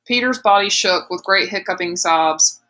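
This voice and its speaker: A woman giving a steady, measured audiobook narration of a novel. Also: mid-range voice. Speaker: audiobook reader. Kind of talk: scripted narration.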